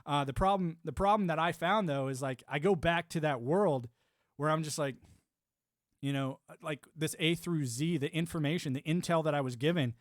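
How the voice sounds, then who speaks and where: Man, fairly high voice, dry close sound, blunt and profane, rambling talk. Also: normal speed, no room sound. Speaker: livestream host, military veteran. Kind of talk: casual monologue.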